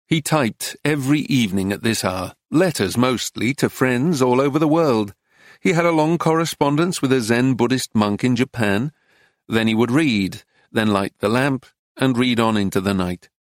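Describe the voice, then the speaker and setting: A man reads a memoir aloud as an audiobook narrator. His voice sits in a middle pitch and he keeps an even, literary storytelling manner. The sound is dry and close to the mic. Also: no room sound.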